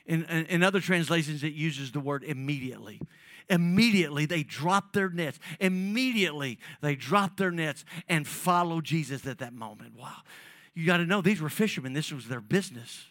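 A man preaching a sermon, calling on the congregation and swinging between loud emphasis and soft, drawn-out phrases. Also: on the high side, lively intonation, dry recording. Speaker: pastor.

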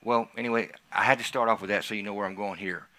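A man who is a pastor, telling a personal testimony in a sermon, swinging from quiet asides to loud, excited emphasis. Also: fairly low pitch, fast.

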